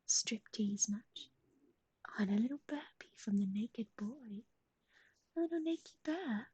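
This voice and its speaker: Breathy whispering woman cooing softly. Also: a little high, expressive, unhurried, pauses often, no room sound. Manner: soft cooing baby talk to a pet. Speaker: livestream host. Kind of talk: whispered pet livestream chat.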